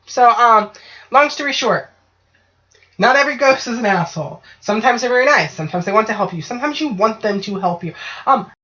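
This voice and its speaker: A woman's voice: fairly high pitch, lively intonation, a little fast, bright, forceful tone. A woman co-hosting a casual podcast, talking loosely and jokily with plenty of swearing and tag questions. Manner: swearing, loose and jokey, frequent "right?". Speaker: podcast co-host. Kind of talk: casual chat. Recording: dull lo-fi podcast audio.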